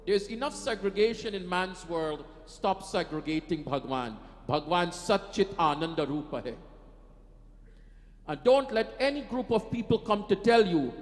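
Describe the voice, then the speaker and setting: A man's voice: a little high, in a large hall. A man preaching an emphatic devotional sermon, breaking into sung devotional lines. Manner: emphatic, sings devotional lines between speech. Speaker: katha preacher. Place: temple hall.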